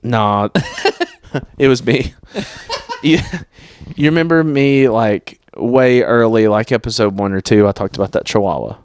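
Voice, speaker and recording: A young man co-hosting a casual podcast, telling stories in an animated, profane way. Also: mid-range voice, measured pace, long pauses, clear, resonant tone, dry recording. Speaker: podcast co-host. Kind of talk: casual chat.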